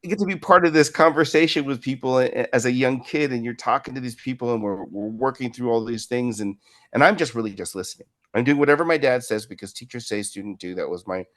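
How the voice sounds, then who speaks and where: Talking fast in a mid-range, slightly bright voice, a martial arts instructor in his fifties spins long, rambling interview stories. He keeps tacking on "right?" as he goes.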